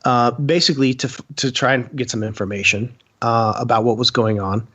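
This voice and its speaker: A man giving casual film commentary as a podcast guest, animated and rambling with many fillers and restarts. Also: medium pitch, fairly quick, breathy edge, muffled recording.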